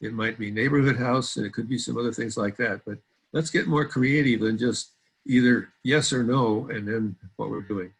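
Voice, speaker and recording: A man speaking at a board meeting on a video call, measured and stumbling now and then over his words. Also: mid-range voice, vocal fry, husky, low-quality recording. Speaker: board member. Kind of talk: virtual board meeting remarks.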